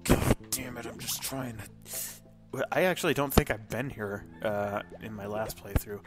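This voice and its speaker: A man giving casual, rambling commentary while playing a game, profane and excitable. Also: fairly low pitch, measured pace, music in the background. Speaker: let's play host.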